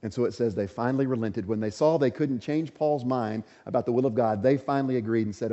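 A man's voice: medium pitch, fast talker, hardly any pauses, warm tone, in a large hall, lo-fi sound. A man delivering a sermon as pastor, earnest and emphatic, addressing the congregation directly.

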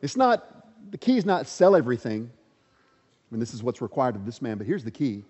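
A man's voice: mid-range voice, sing-song, normal speed, a little mellow, husky. A man preaching a sermon, reading scripture aloud and repeating lines with rising emphasis, in a large hall. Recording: muffled sound with long hall reverb.

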